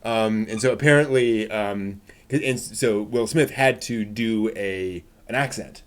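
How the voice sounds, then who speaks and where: A man's voice: fairly low pitch, moderate pace. A man hosting a casual chat, hesitant and full of "um"s. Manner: hesitant, many "um"s. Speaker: podcast host.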